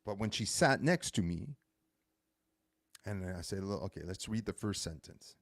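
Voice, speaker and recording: A man's voice: on the low side, expressive, normal speed, no echo, clean studio sound. A man in his thirties hosting a show, talking casually in a rambling way and correcting himself as he goes. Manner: rambling, self-correcting storytelling. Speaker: host. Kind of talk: casual monologue.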